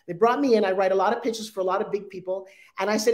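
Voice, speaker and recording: A woman in her sixties speaking as an interview guest, animated and acting out sales pitches in quoted voices. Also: fast talker, hardly any pauses. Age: 60s. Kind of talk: energetic interview talk.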